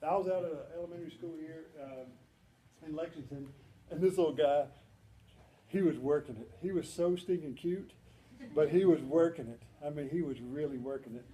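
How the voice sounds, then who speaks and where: A man with a fairly high pitch speaks briskly in a banquet hall, delivering a funny, conversational presentation full of stories and lively quoted voices. The recording has a little hiss or hum, with echo and faint ambience from the hall.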